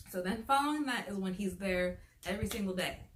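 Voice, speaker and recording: Woman, storytime vlogger, chatty and fed up, mid pitch, roomy echo. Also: brisk. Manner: chatty and exasperated, leans on "like" as a filler. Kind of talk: casual storytime chat. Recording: roomy echo with faint noise.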